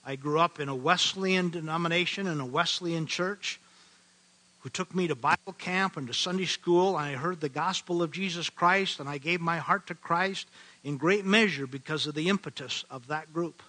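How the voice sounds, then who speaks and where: An older man from the American Midwest preaching a sermon, earnest and emphatic, slowing to stress key phrases. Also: fairly high pitch, bright, forceful tone, rough recording. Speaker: pastor.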